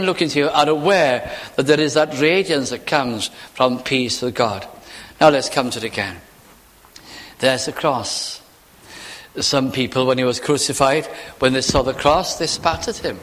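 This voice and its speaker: A man delivers a chapel sermon in a slightly raised voice. He presses his listeners with repeated rhetorical questions and swings from loud passages to hushed ones. His words trail off into the long reverb of a large hall. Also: fairly high pitch. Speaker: preacher.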